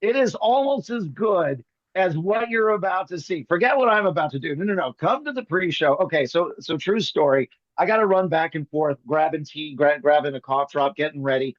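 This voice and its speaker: A man with a high, bright-pitched voice riffs through a comic bit on a video call, tossing in quick impressions. The sound is dry and close but a little dull, like webcam audio. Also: lively intonation, dry recording. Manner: rapid comic riffing with bits of mimicry. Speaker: guest magician.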